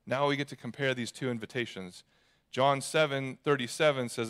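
A young male pastor preaches a sermon in a conversational, joking way, acting out little asides. His medium-pitched voice is smooth and fairly bright, with a steady tone and moderate pace.

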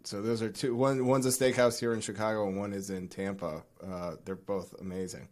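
A man hosting a casual podcast interview, asking questions in a friendly way with relaxed slang. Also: on the low side, brisk. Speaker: podcast host.

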